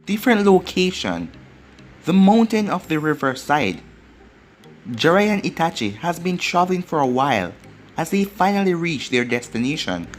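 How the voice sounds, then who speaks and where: Man reading fan fiction, lively voice. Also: a little high, moderate pace. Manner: plain, run-on storytelling. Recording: faint background music.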